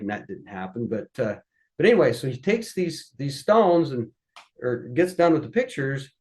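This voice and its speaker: Man, podcast guest, folksy storyteller, average pitch, lively anecdotes. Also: rough recording.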